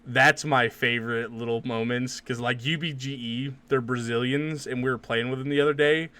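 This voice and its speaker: A man's voice: medium pitch, steady tone, moderate pace, bright, forceful tone, clean tone. A man hosting a casual podcast chat, laid-back, swearing often and laughing easily. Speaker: podcast host.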